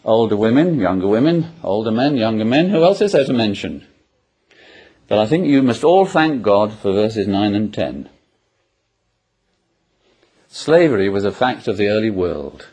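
A man preaches a sermon in a husky, slightly breathy voice. His pitch moves lively up and down as he builds each point. He keeps turning to his listeners with rhetorical questions and homely personal anecdotes. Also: normal speed, pauses often. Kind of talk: expository sermon.

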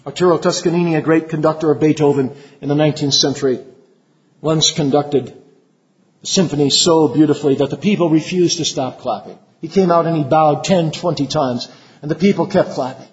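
A man with a high voice delivers an earnest sermon to fellow ministers. He rises on key phrases and lets each line sink softly at its close. The recording sounds dull and lo-fi. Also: fairly quick. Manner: earnest, dropping low at phrase ends. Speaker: preacher.

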